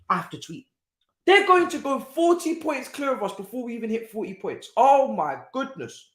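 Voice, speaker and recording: A man's voice: very high-pitched, big pitch swings, moderate pace, fairly bright tone, reverberant. A young man, hosting a live football watchalong, exclaiming and swearing as he reacts.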